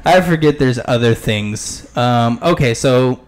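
A man's voice: mid-range voice, unhurried. Chuckly, rambling podcast host man. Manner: rambling, chuckly, trails off mid-word. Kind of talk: casual gaming podcast chat and reading news aloud.

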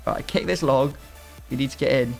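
A man giving excitable, playfully outraged commentary while playing a football video game. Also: mid-range voice, creaky. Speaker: gaming YouTuber.

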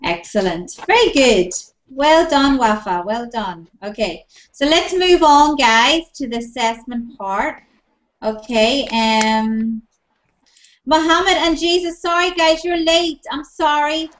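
A woman's voice: high-pitched, slow pace. A woman teaching English in an online class over a video call, encouraging and repeating her praise often.

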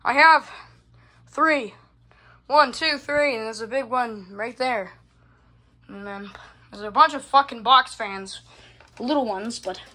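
A woman filming a casual home vlog on her phone, rambling excitably and swearing constantly as she shows off her fans. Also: fairly high pitch, slight background noise. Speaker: hobbyist vlogger showing her fans. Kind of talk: casual unscripted vlog commentary. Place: indoors at home. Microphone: phone camera held while filming.

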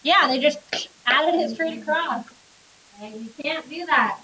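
High-voiced woman teaching math in class. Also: a little slow, pushed and bright, echoey room. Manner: questioning, coaxing students step by step. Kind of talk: classroom lecture. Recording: distant classroom recording.

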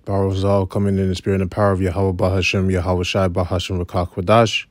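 Bible teacher, male, lowish voice, casual explaining with constant "right?", dry close recording. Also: level tone, no room sound. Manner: reads verses slowly, then explains with repeated "right?". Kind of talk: informal scripture lesson.

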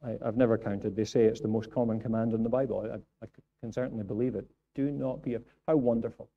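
A man's voice: medium pitch, fairly even intonation, quick pace, phone-quality sound. A man preaching a sermon in church, earnest and repeating phrases for emphasis. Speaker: pastor.

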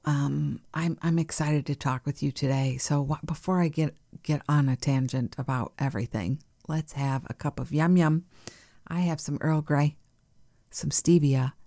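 A woman hosting a spiritual podcast in a soft, nurturing way, laughing easily and sometimes dropping to a whisper. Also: low-pitched, creaky, dry recording, clean studio sound. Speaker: podcast host. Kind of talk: gentle spiritual podcast chat.

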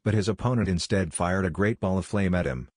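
A man narrating a fan-fiction story in a steady, descriptive read. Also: low voice, fairly quick, no room sound, clean studio sound.

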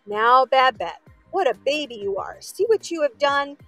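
A woman voicing a determined young farm boy who is quick to anger, shouting excitedly in a storybook reading. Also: sits high, recorded from a distance, soft background music, exaggerated voice. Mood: upset. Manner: loud, excited exclamations.

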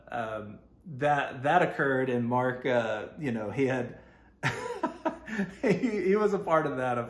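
A man with a Texan accent tells a story from his youth in a loose, rambling way. He stumbles through fillers and restarts and laughs as he goes. His voice rings a little in an echoey room. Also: medium pitch. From Texas. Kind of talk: casual storytelling.

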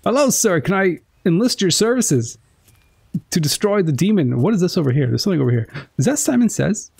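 A gaming streamer reacting excitably and with profanity while playing through a game. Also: medium pitch, fairly quick, gravelly, slightly rough, no room sound. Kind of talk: let's play commentary.

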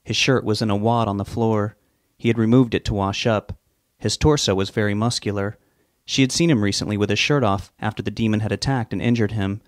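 A man reading a novel aloud in a measured, steady way. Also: fairly low pitch, dry recording, clean studio sound. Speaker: narrator. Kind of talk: audiobook narration.

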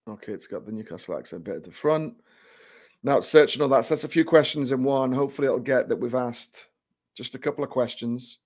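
A man giving a casual, joking product demo, relaxed and restarting phrases as he goes. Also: mid-range voice, normal speed, long pauses. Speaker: company presenter.

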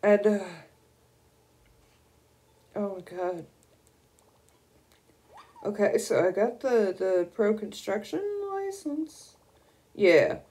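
A young woman streaming a video game, gushing and excitable as she squeals over new items. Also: medium pitch, extremely slow, long pauses. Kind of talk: casual gameplay commentary.

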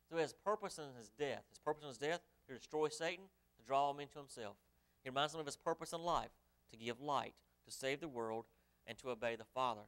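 A male pastor delivers a sermon in a mid-range, fairly bright, clean voice. He reads scripture aloud in old-fashioned wording and poses rhetorical questions to his congregation.

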